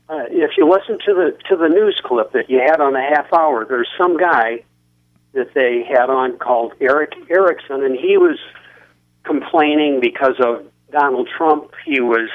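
A man calling in to a radio show, speaking hesitantly with many ums and uhs. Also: a little high. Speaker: caller. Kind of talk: call-in comment. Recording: tinny phone line.

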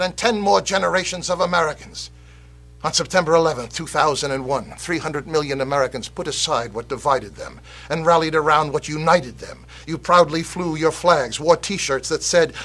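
An actor playing a fiery male patriot orator, delivering an impassioned scripted speech that swings from loud rallying cries to hushed warnings. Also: high-pitched. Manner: rousing, declamatory, swings from shouting to hushed. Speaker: actor in a political video.

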